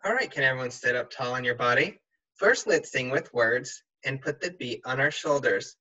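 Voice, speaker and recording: A woman music teacher leading young children through a rhythm lesson, speaking slowly and clearly with encouragement. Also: rumbling low, animated, pushed and bright. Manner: slow, clear, encouraging classroom delivery. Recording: dull lo-fi sound.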